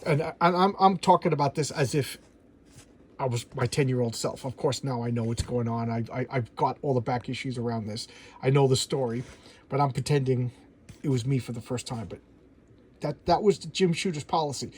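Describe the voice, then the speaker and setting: A man's voice: mid-range voice, moderate pace, a little mellow, a little hiss or hum. A middle-aged man chatting casually about an old comic as he pages through it, eager and gushing, often stammering and repeating words. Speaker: comic book reviewer. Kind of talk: casual chat while flipping through a comic.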